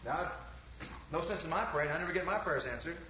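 A man's voice: fairly high pitch, fairly quick, slight background noise. A man preaching a fervent sermon, firing rhetorical questions at the congregation and calling for amens. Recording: echoey, dull lo-fi church recording.

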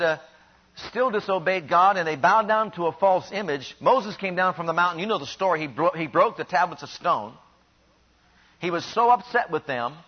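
A man preaching a sermon in an animated way, building to emphatic peaks and then dropping low. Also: husky. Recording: dull lo-fi recording.

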